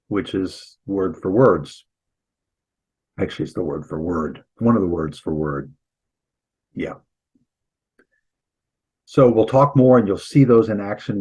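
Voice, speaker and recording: A man with a husky, lowish voice gives a classroom lecture on Greek grammar. He explains things casually, breaking off to restart sentences and throwing in light asides. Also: lo-fi sound. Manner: relaxed, chatty teaching with restarts and asides. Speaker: Greek instructor and pastor.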